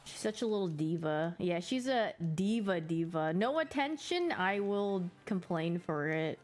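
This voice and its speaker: A woman's voice: lowish voice, animated, a little slow, faint music behind. A woman streamer chatting casually and giggling, acting out her pet's reactions as she talks. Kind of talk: casual chat.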